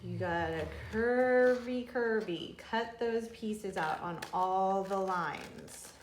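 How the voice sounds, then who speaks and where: A woman teaching a craft and song lesson to young children as a preschool teacher, in a gentle, sing-song manner. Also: medium pitch, takes it slowly. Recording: roomy echo, faint room noise.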